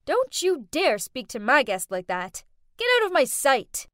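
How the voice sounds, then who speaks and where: A woman's voice: sits high, sing-song, a little slow, no echo, studio quality. A woman voicing a spoiled, mean rich teenage girl who snaps and screams. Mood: nasty. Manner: snapping, screaming.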